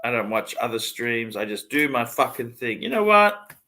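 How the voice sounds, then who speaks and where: A man's voice: medium pitch, big pitch swings, moderate pace, sharp tone. Blunt, cursing man. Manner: blunt, swears a lot. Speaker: livestream host. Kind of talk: casual chat.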